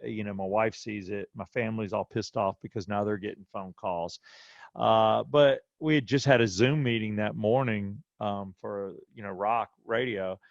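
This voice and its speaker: Speaking at a moderate pace with vocal fry, this man sits on the low side of the range as he co-hosts a podcast. He relates a personal anecdote in a relaxed, lively way, performing what others said, and the audio has no room sound and missing highs.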